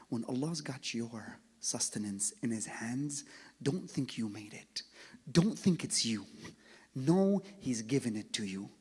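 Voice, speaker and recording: A man's voice: mid-range voice, expressive, unhurried, husky. Man giving a religious talk in a reverberant hall. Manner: swings from loud calls to hushed near-whispers; acts out both sides of a story. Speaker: speaker at an Islamic center.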